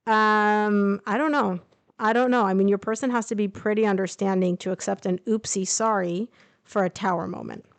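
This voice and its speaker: A woman's voice: mid-range voice, fairly even intonation, moderate pace, no room sound. Chatty woman reading tarot, dry sound. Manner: chatty, thinking aloud with fillers and asides. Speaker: tarot reader. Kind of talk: casual tarot reading to camera. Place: indoors, traveling.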